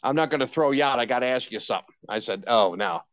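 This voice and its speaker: An older radio veteran tells stories with excitement, stumbling over restarts and slipping into the voices of the people he quotes. His recording is dry and close, with no room sound. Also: medium pitch, rapid-fire, no echo. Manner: animated anecdotes with many restarts and quoted dialogue. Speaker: radio personality guest. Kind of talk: candid storytelling interview.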